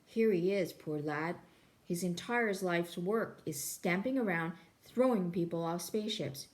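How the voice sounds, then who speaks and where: A woman voicing a quick-witted, glib man who coaxes and persuades in a breezy way. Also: fairly low pitch, a little mellow, close to an everyday voice. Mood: coaxing.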